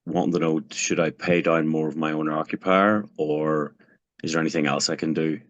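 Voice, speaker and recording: A man on a video call asks plain, direct questions about his loans. His voice is very low and flat, with little movement. The sound is dry and close. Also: fairly quick, dry recording, muffled recording. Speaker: caller asking for advice.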